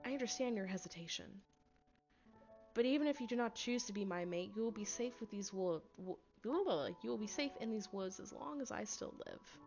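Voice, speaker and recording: Bastion, a solemn werewolf pack leader with a quiet, protective devotion and measured, earnest delivery, read out by a woman streaming a game. The audio is a touch dull and lo-fi, with faint music underneath. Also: medium pitch, animated, close to an everyday voice.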